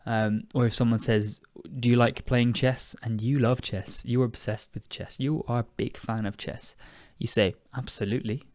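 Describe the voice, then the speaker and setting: A man's voice: mid-range voice, fairly even intonation, moderate pace, few pauses, no room sound, studio quality. Chatty British man teaching English. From United Kingdom. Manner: chatty, self-correcting, laughs at himself. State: tired. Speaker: podcast host and English teacher. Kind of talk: casual podcast lesson.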